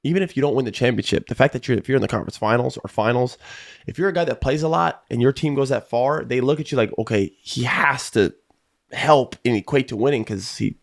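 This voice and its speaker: A man hosting a sports podcast, talking casually and rambling through basketball talk in a relaxed way. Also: mid-range voice, fast, vocal fry. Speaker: podcast host.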